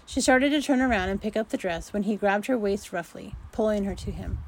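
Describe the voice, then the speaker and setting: A woman's voice: medium pitch, a little mellow, a little hiss or hum, rough recording. Woman reading a romance story aloud. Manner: unhurried reading, restarts fumbled sentences. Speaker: narrator.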